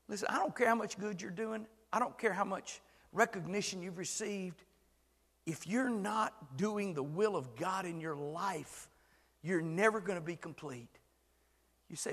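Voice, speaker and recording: An older man preaching a sermon with passion, swinging from hushed words to shouts. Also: sits high, moderate pace, in a large hall.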